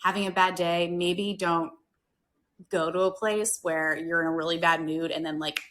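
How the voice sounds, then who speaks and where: A woman's voice: lowish voice, steady tone, moderate pace, a bit bright. An American woman hosting a hospitality talk show, speaking earnestly and chattily with lots of fillers. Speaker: podcast host, hospitality worker. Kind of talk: casual talk-show chat.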